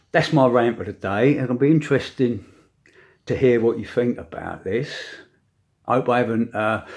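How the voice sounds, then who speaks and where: An older man with grandchildren giving a preachy opinion rant to camera, with dramatic pauses and emphatic repetition. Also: lowish voice, darkish tone. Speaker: vlogger.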